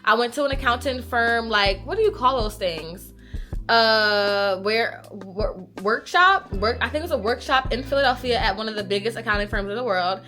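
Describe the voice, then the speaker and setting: Faint music plays behind a woman in her 20s vlogging to her handheld phone camera inside a warehouse, slightly out of breath. The small business owner is chatty, candid and sweary, her high-side voice pushed and bright, with lively intonation at a moderate pace.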